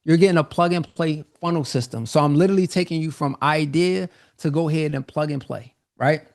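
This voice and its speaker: A man pitches his course on a live webinar, loose and energetic, repeating himself as he goes. His voice sits a touch high and has a gravelly rasp. He sounds slightly out of breath. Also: brisk. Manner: energetic, repetitive, informal salesman talk. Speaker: online business coach hosting a live sales webinar.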